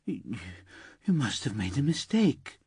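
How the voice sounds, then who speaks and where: A man voicing an anxious, eager-to-please young office worker with a high, light, slightly camp voice in an audiobook. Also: big pitch swings, a little slow, warm tone, slightly rough, dry recording, exaggerated voice. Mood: distraught.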